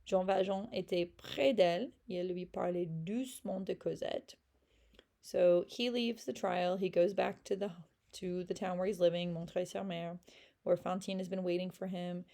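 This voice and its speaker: A woman reads a French novel aloud as a casual lesson and retells each passage in a chatty, filler-heavy way. Her voice is gravelly with a mellow, warm tone. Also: on the low side, steady tone, normal speed. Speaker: French teacher.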